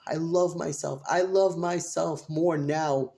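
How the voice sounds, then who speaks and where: A woman's voice: low-pitched, steady tone, slow, gravelly, warm tone. A woman in her late forties, a tarot reader hosting her own channel, speaking in an emotional personal monologue, passionate and emphatic, swearing freely and repeating phrases for emphasis. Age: 40s.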